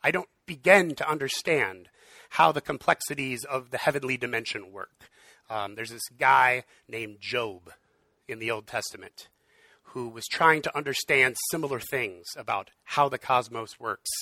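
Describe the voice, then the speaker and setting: Guy preaching casual and earnest, gravelly bright voice, dry sound. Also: medium pitch, moderate pace, dry recording. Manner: earnest, conversational, with frequent fillers. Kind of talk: casual sermon.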